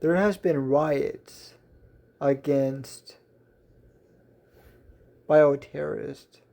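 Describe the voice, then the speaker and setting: A man's voice: on the high side, fairly even intonation, extremely slow, vocal fry, mellow, exaggerated voice. A man doing a polite formal butler. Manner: courteous, formal.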